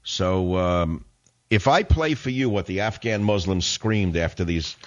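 Man, talk radio host, very low voice, sarcastic, indignant, ranting, slightly muffled sound. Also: unhurried. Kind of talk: combative talk radio monologue.

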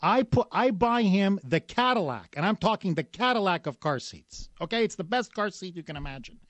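A man with a notably high voice hosts a talk radio show, ranting in a combative, sarcastic way. His voice sits very close and dry, with no room sound around it. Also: lively intonation, fairly quick, a bit bright, no room sound. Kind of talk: opinionated talk radio monologue.

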